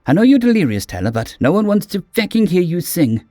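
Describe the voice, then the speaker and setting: A man putting on a tough woman soldier from an audiobook, pitched far up and pushed louder, blunt and impatient. Her voice is dry and clipped. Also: big pitch swings, a little fast, no echo. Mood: annoyed. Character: blunt armed female soldier, sharp-tongued.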